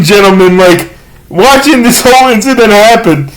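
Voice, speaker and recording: Male amateur comic, slightly high voice, halting delivery full of fillers, self-deprecating. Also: rough recording. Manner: halting, with many pauses and fillers. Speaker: amateur comedian. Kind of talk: self-recorded stand-up comedy monologue.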